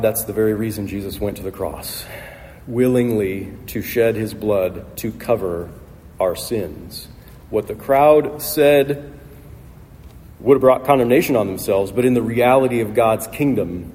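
A man's voice: fairly low pitch, measured pace, a little mellow. A male pastor preaching a sermon with emphatic, repetitive rhetorical phrasing, recorded in a church hall. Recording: long hall reverb, faint noise.

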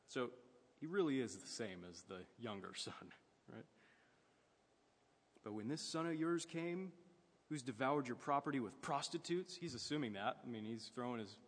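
A man's voice: medium pitch, lively intonation, normal speed, long reverb tail. A man preaching a sermon in a conversational way, asking his listeners questions.

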